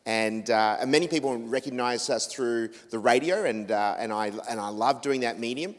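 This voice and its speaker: A man's voice: medium pitch, normal speed. Chatty Australian man in a reverberant hall. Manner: chatty, rambling, many restarts and fillers. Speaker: radio host and guest speaker. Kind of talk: casual talk to a church audience. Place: church hall.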